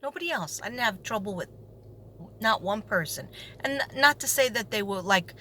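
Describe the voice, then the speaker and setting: A woman with a New York accent, a substitute teacher telling a story in a sarcastic, animated way and acting out the people in it. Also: medium pitch, moderate pace, a little hiss or hum. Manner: animated, sarcastic, acts out quoted voices. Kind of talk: storytelling vlog.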